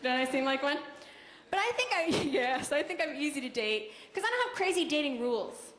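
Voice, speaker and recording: A young woman doing a stand-up comedy set with a deadpan, conversational delivery and quick asides to the audience. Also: high voice. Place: comedy club stage. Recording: roomy club recording with noise. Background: audience laughter.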